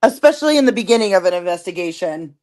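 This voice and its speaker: A woman's voice: medium pitch, lively intonation, fast talker, darkish tone. A woman guest researcher in a casual true-crime chat, rambling with many filler words.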